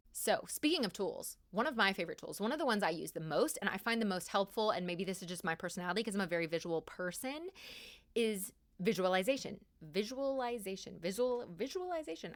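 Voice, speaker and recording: A young woman hosting a podcast, giving casual spiritual advice in an emphatic, animated way and repeating key words for stress. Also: on the low side. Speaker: podcast host.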